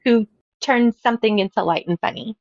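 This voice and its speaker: A woman's voice: a little high, a little fast, no echo, lo-fi sound. A bubbly woman author in her thirties, chatting casually on a podcast and laughing at her own stories. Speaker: author guest.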